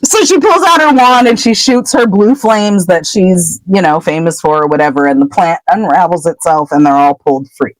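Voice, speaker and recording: A woman podcast co-host casually retelling a book chapter, an animated storyteller who laughs often. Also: lowish voice, moderate pace, few pauses, dry recording, low-quality recording.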